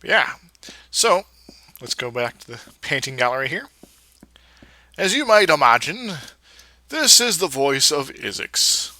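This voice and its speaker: A man's voice: on the high side, very animated, unhurried, long pauses, pushed and bright, no echo. A man giving casual, rambling commentary over his own gameplay, full of fillers and restarts. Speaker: Let's Play creator.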